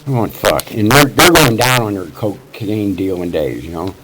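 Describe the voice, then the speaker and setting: A man's voice: lowish voice, animated, normal speed. A man in his sixties from Missouri, telling his life story at a recovery meeting in a rambling, profane way, full of "you know" fillers. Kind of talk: casual storytelling testimony. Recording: loud background noise.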